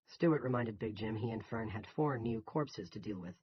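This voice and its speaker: A man reading an audiobook in scripted narration, measured and even. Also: fairly low pitch, lo-fi sound, slight background noise.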